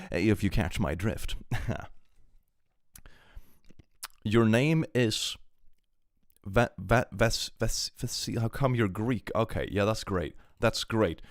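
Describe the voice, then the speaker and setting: A man's voice: low voice, no echo, clean studio sound. A young man from Sweden with a Swedish accent, chatting casually on a live stream and reading out chat, sarcastic and swearing freely.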